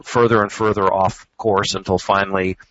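A man talking in a measured, reflective and candid way as a regular on a radio show. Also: sits low, flat delivery, fairly bright tone, no room sound. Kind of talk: casual radio talk. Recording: dull, dry radio sound.

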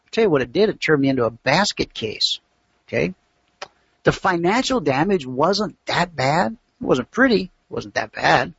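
A middle-aged man gives an instructional talk to traders, and his voice is raspy and gravelly with a slightly raised pitch. He is animated and keeps acting out little scenes of the people he describes. The recording is dry and lo-fi. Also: moderate pace. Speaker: trading mentor.

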